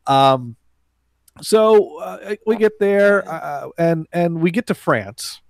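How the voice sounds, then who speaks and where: A man's voice: fairly high pitch, expressive, slow pace, gravelly, no echo, studio quality. Rambling man telling a story. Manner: rambling, many fillers and restarts, laughs while telling. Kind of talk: casual anecdote among friends.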